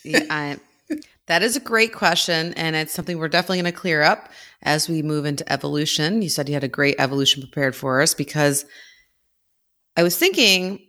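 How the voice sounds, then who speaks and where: A woman's voice: low voice, fairly quick, sharp tone. An American woman co-hosting a casual conservation podcast, talking in a playful, teasing way. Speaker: podcast co-host.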